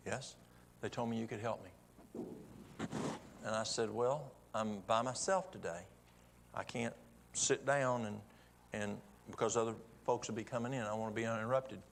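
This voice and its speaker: A man's voice: fairly low pitch, fairly even intonation, moderate pace, gravelly, pauses often, a little hiss or hum. A man telling a folksy testimony story from the pulpit, acting out both sides of a conversation. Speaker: church speaker. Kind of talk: sermon storytelling.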